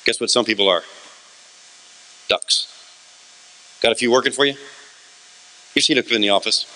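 A man giving a lively motivational seminar talk to a room, asking the audience questions and answering them himself. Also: medium pitch, normal speed. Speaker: motivational speaker.

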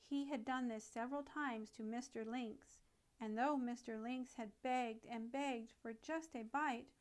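Reading a classic nature tale for children, a woman uses a careful, warm storybook delivery at a measured pace. Her voice is a bit higher than most, and her telling is gentle and expressive.

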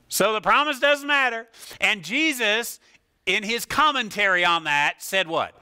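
A man preaching a sermon in a lively, animated way, asking rhetorical questions, laughing now and then, and often pausing with fillers and restarts. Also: high voice, smooth. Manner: frequent filler words and restarts. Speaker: pastor.

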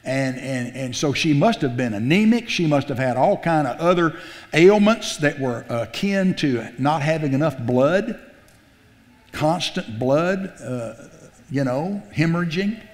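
A pastor preaching a sermon, telling the story in a folksy, animated way, acting out the quotes and often restarting his sentences. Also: a little high, measured pace. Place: church sanctuary. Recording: long hall reverb.

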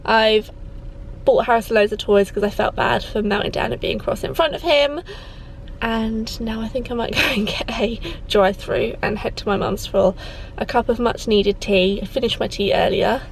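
Chatty young mum, gravelly voice. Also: female voice, fairly high pitch, steady tone, normal speed, a little hiss or hum, poor audio. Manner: candid, chatty, rambling asides. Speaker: vlogger and mother. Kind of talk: casual vlog chat to camera.

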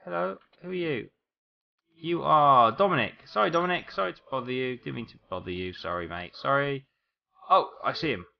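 A man's voice: mid-range voice, lively intonation, normal speed, creaky, lo-fi sound. A man giving casual let's-play commentary, rambling as he talks to game characters and apologizes to them. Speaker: gameplay commentator.

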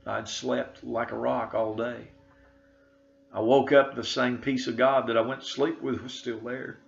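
Man, middle-aged pastor, gravelly, earnest testimony storyteller, muffled lo-fi recording. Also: mid-range voice, flat delivery, measured pace. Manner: earnest storytelling, quoting himself and friends. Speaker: pastor telling his testimony. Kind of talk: spoken testimony. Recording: dull lo-fi recording.

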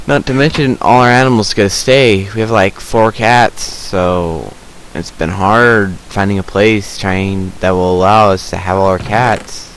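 Slow, rambling male gameplay commentator. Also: on the low side, a bit bright, a little hiss or hum, low-quality recording. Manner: rambling, chatty, talks to viewers; unhurried with many fillers. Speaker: gameplay video creator.

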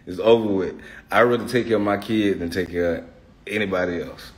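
A man chatting casually in a home vlog as a father and vlogger, with relaxed, slangy talk full of "cuz" and "you feel me". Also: deep voice, fairly quick, slight background noise.

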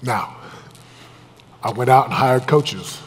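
A man giving a live motivational talk as a business coach, intense and emphatic, swinging between loud pushes and hushed, low confessions. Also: slow, breathy edge. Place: event room with a live audience. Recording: long reverb of a large hall.

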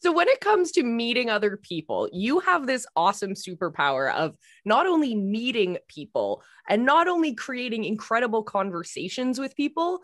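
A woman hosts an interview podcast with a lively, swooping pitch. She speaks encouragingly to her guest, and the sound is dry and close. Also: moderate pace, hardly any pauses, no room sound. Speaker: host, coach.

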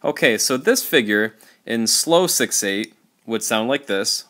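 A man gives a relaxed online music lesson at a middle pitch. He explains things patiently and often counts the beats out loud to show a rhythm. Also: a little slow, slight background noise. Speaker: music teacher.

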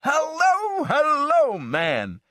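A man reading a story aloud, voicing a restless young drifter who talks in excited bursts. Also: extremely high pitch, extremely slow, no echo, studio quality, voice pushed up, full character voice. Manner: excited, exclamatory.

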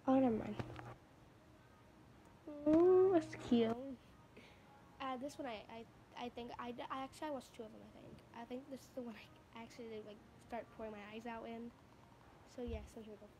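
A woman's voice: a little high, fairly even intonation, quick pace, noisy background. A woman vlogging a casual reaction, talking in a rambling, chatty, gushing way while filming on her phone at home by the TV. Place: at home in front of a TV. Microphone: phone camera.

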